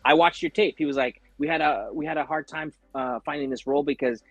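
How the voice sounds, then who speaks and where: A man's voice: a little high, fast, no echo. A man, an actor guest, telling a story in a casual interview, acting out other people's lines with lots of fillers. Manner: animated, acts out quoted voices, frequent fillers.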